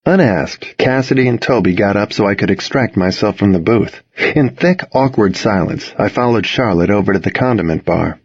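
A man reading a first-person story aloud as an audiobook narrator, with a husky tone and expressive storytelling. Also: on the low side, normal speed, dry recording. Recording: dull, dry lo-fi reading.

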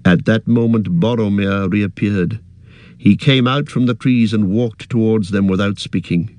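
A man narrating an audiobook in a steady, measured storytelling manner. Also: lowish voice, dry recording.

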